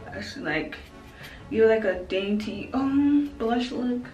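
A woman's voice: fairly high pitch, slow pace, recorded from a distance, muffled recording. A young woman chatting casually through a makeup routine for her viewers, loose and slangy. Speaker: beauty vlogger. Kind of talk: casual makeup tutorial chat. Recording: roomy and off-mic with music.

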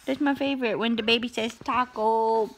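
A woman's voice: fairly high pitch, steady tone, normal speed. A young mother, playfully coaxing her toddler to say words in a casual home vlog. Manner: sing-song baby talk, playful and coaxing. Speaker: vlogger, mother.

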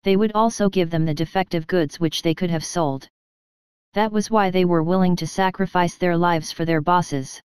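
A woman narrating an audiobook in steady scripted storytelling, recorded close on a studio mic. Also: fairly low pitch, normal speed, clear, resonant tone, no echo.

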